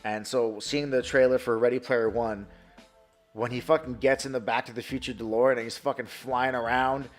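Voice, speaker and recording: A man in his thirties from New York, chatting casually on a live stream, answering chat in a profane, excitable, rambling way. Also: medium pitch, moderate pace, faint music behind.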